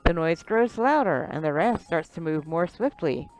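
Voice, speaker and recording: A woman's voice: lowish voice, lively intonation, normal speed, darkish tone, soft background music, low-quality recording. A woman reading an adventure game's text aloud and chatting about it casually, now and then stumbling over names. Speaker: let's play host.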